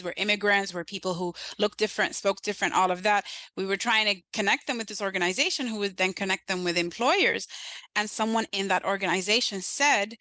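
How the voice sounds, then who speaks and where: Emphatic woman guest, bright dry voice. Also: mid-range voice, a little fast, dry recording, low-quality recording. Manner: emphatic, animated storytelling. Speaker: podcast guest. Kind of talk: conversational interview.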